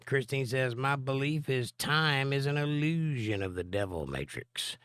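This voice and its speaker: This live-stream host, hoarse with laryngitis, reads out viewers' comments and answers at length with Bible teaching in a casual chat. He speaks a little slowly with lively intonation, in a smooth, fairly bright, medium-pitched voice, recorded at studio quality without room sound.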